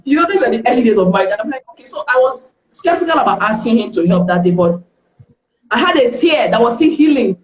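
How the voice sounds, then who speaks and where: Lively Nigerian woman in a roomy space. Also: a little high, fast. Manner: lively, acts out dialogue in the stories. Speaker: guest speaker. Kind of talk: candid storytelling on a live stream. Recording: roomy echo.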